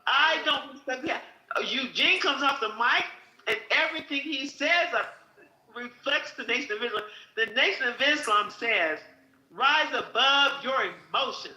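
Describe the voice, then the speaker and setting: A woman's voice: high voice, moderate pace, bright, forceful tone, echoey room, low-quality recording. A middle-aged woman on a group audio chat, angry, emotional and swearing as she speaks her mind. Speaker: call participant.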